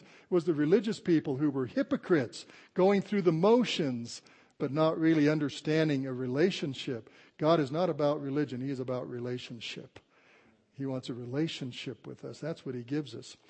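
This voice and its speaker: Older male pastor, warm and mellow tone with slightly raised pitch, folksy conversational sermon. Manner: conversational preaching, slows down to stress scripture. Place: church sanctuary before a congregation.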